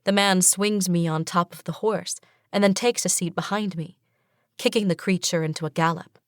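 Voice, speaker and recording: A woman reading a first-person fantasy audiobook in a measured, even way. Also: lowish voice, dry recording, studio quality. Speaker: audiobook narrator. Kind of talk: scripted first-person narration.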